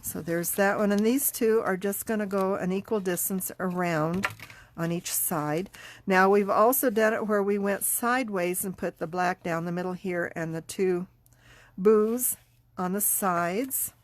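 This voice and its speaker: Congested middle-aged woman, unhurried and chatty, craft tutorial host. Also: medium pitch. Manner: chatty, unhurried, talks while working. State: congested, sniffling. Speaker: card-making class teacher.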